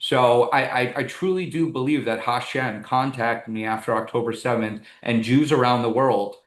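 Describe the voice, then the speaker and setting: A man speaking as a guest in an interview, an animated and emphatic storyteller. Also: medium pitch, moderate pace, reverberant. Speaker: guest, community advocate. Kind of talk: conversational interview.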